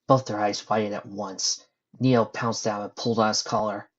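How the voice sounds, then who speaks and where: A man with a husky, somewhat breathy voice reads a fan story aloud, dropping in wry, sarcastic asides between passages. The recording sounds muffled and lo-fi, like a home setup. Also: on the low side, little pitch movement, moderate pace. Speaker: narrator and fanfic reader.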